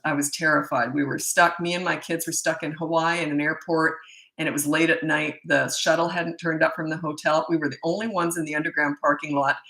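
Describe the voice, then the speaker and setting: A woman's voice: lowish voice, sharp tone, rough recording. A middle-aged woman parenting coach answering questions in a casual, blunt and matter-of-fact way. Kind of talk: casual Q&A advice talk.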